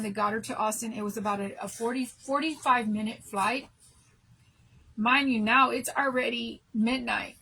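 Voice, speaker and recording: An exhausted middle-aged woman chats live with her viewers, her voice pitched a touch high and husky. She rambles emotionally and keeps restarting her sentences. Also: a bit bright, poor audio. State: exhausted from no sleep. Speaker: craft channel host. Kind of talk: casual live chat to viewers.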